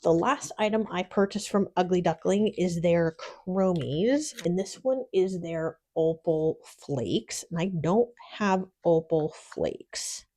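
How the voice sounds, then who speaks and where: A woman's voice: on the low side, slow, few pauses, dark tone. A woman hosting a casual nail product unboxing, gushing with little exclamations and sometimes dropping into a whisper. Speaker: nail channel host. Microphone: phone.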